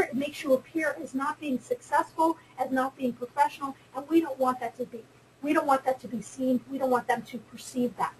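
A woman's voice: high-pitched, a little hiss or hum, low-quality recording. An earnest woman giving a webinar talk on careers in science, stressing her points and repeating them. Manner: earnest, emphatic and repetitive, with some restarts. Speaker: webinar speaker on careers in geoscience. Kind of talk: instructive talk.

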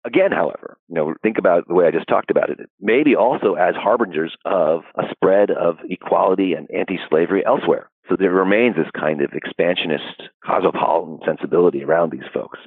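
A man explaining history in an interview, thoughtful and unhurried, with frequent fillers. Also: low voice, husky, no echo. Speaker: historian guest. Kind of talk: academic interview answers. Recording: dry, phone-like audio.

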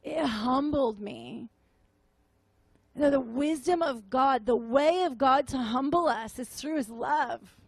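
A woman minister giving a tearful, halting sermon testimony to a room, often repeating her words. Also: high-pitched, husky, no echo. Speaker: prophetic minister. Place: meeting room with audience.

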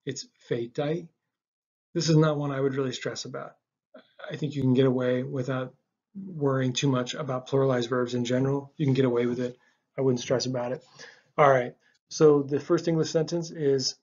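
Relaxed man teaching with husky voice. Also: mid-range voice, highs cut off. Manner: relaxed, many ums and uhs, repeats words slowly. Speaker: language teacher. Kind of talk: casual language lesson.

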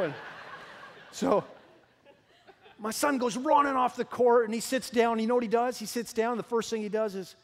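A male pastor preaching a sermon, telling lively, humorous stories from his own life. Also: very high-pitched, moderate pace, long pauses. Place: church sanctuary. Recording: long hall reverb in a church.

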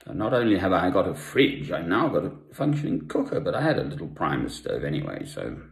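An older man from South Africa, talking at home in a rambling personal monologue with pauses and asides. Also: deep voice, very animated, gravelly. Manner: meandering, with long pauses and asides. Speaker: Christian vlogger. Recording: echoey room.

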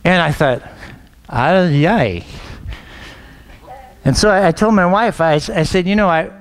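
Middle-aged male pastor with a high voice, storytelling sermon delivery, repeats and restarts words. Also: quick pace, clear, resonant tone. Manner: storytelling, acts out quoted dialogue.

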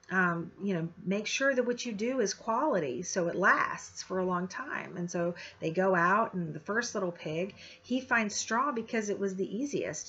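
A woman's voice: fairly low pitch, fairly bright tone. A woman teacher giving an informal, chatty lecture with many fillers and restarts. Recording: slightly dull lo-fi audio.

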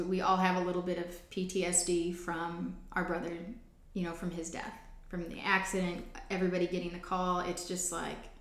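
A woman hosting a faith ministry show, telling a personal testimony story in an earnest, conversational way with frequent restarts. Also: lowish voice. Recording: roomy echo.

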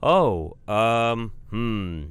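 A nervous young man, new in town and unsure of himself, as a storyteller plays him, speaking in halting, quiet bits. The voice is low and smooth. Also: expressive, full character voice. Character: nervous newcomer man, wary and hesitant.

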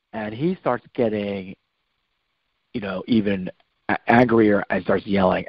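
A man's voice: fairly low pitch, no room sound. Man, podcast guest, rambling storyteller, slightly muffled dry recording. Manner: rambling, self-correcting storyteller. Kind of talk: personal storytelling.

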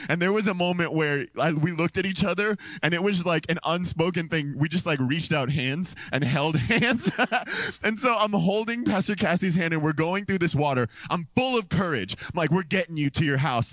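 American male pastor, higher-pitched, dry close-mic sound, animated storyteller who acts out the quotes. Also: dry recording. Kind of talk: sermon with personal story. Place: church stage. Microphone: stage microphone.

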